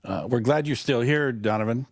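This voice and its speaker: A man's voice: mid-range voice, moderate pace, gravelly, dry recording, studio quality. Older man rambling through a story. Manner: rambling, laughing, self-correcting. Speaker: co-host. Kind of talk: casual storytelling.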